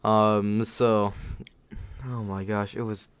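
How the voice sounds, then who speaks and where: A man's voice: on the low side, level tone, slow, slight background noise. Young man rambling through a story. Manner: rambling, self-correcting, laughs while telling stories. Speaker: podcast host. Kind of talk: casual storytelling chat.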